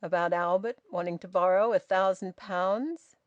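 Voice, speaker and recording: A woman reading the lines of a weary elderly father who speaks softly and plaintively in plain dialect, in an audiobook. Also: lowish voice, fairly even intonation, normal speed, dry recording, muffled recording, lightly acted. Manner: melancholy softness, plain dialect speech.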